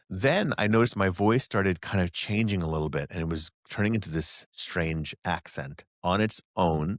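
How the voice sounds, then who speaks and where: A man whose voice sits low is interviewed casually as a guest psychic channeler, spinning animated stories and acting out quoted voices. The sound is clean studio audio with no room sound.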